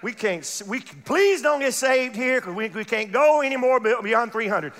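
A pastor preaching a fervent sermon, building to shouted peaks and dropping into laughing asides. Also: male voice, extremely high pitch, lively intonation, moderate pace, hardly any pauses, big-room sound. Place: church sanctuary.

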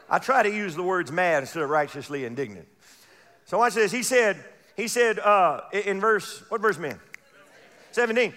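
High-voiced man preaching in a reverberant church. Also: lively intonation, a little slow, long pauses. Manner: fervent preaching with shouted peaks and laughing asides. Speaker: pastor. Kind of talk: sermon. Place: church sanctuary.

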